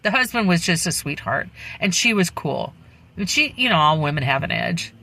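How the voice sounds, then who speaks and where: Casual memoir storyteller, candid, rambling, bright forward voice, middle pitch. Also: sing-song, moderate pace, poor audio. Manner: candid, rambling, with frequent asides.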